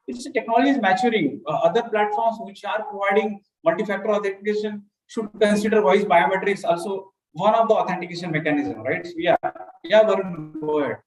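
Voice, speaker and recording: High-voiced man in a roomy echo. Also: brisk. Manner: loose, listing points, often adds "right?". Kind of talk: panel discussion.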